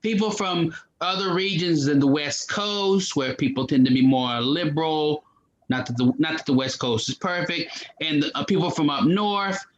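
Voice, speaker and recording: A man's voice: on the high side, moderate pace. Man on a dull, lo-fi line. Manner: explains patiently, mixes in Portuguese words. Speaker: native-speaker conversation partner. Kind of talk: casual conversation.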